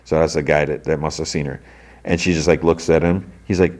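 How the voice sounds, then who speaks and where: A man's voice: extremely low pitch, fairly even intonation, a little fast, darkish tone. A man hosting a podcast, retelling a TV episode in a loose, rambling way full of filler words. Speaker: podcast host. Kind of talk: casual TV episode recap.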